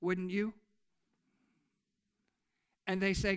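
Male pastor with a forceful, bright voice; emphatic storyteller preaching to his congregation. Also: extremely high pitch, moderate pace. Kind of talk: sermon. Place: church service.

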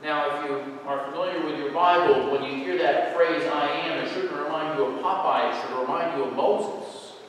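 Pastor, male, high-pitched, preaching casually, heard from a distance in a big reverberant church hall. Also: normal speed, hardly any pauses, a little hiss or hum. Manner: conversational preaching, drops to a low murmur in asides. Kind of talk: sermon. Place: church sanctuary. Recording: echoey hall from far off.

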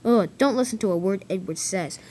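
A woman's voice: mid-range voice, brisk, a little mellow, close to an everyday voice. A woman voicing a boastful, grumpy big male engine in a toy train story, talking in a huffy, defensive way.

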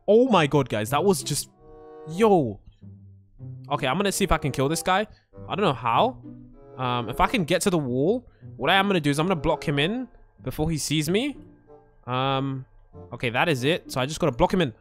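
A young man narrating a Minecraft let's play, excitable, yelping and screaming when startled. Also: a little high, quick pace, faint music behind. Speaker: gaming channel host.

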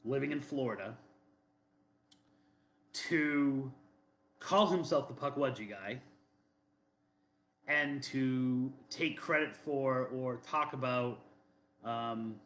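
A man's voice: mid-range voice, slow pace, pauses often, a bit bright, a little hiss or hum. Rambling man with echoey room sound. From Boston. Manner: rambling, defensive, many fillers and restarts. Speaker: podcast co-host. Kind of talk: casual chat.

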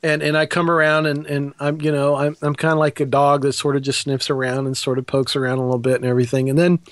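A man's voice: mid-range voice, monotone, quick pace, dry recording. A man who preaches, rambling through jokes and stories in casual banter. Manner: joking, rambling storyteller. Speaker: preacher and guest.

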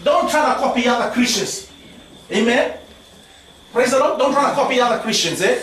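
A male preacher giving an animated sermon, often calling out "amen?" and mixing in words of a local language. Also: very high voice, moderate pace. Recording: echoey hall, from far off, faint ambience.

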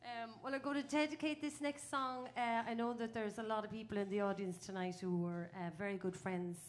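A woman's voice: on the high side, steady tone, brisk. An Irish folk singer chatting onstage between songs, rambling with many fillers and laughing at her own stories. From Ireland. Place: small live music venue.

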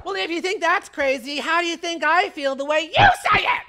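A woman's voice: extremely high pitch, fairly quick. A Canadian drag queen performing a crude, teasing stand-up set on stage. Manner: brash, crude punchlines, teasing the audience. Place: stage before a live audience. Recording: loud live crowd and noise.

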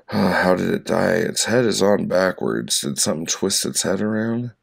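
A man reading his own poems aloud for an audiobook, with a dry, deadpan delivery and slow pauses between short lines. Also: sits low, gravelly, breathy edge.

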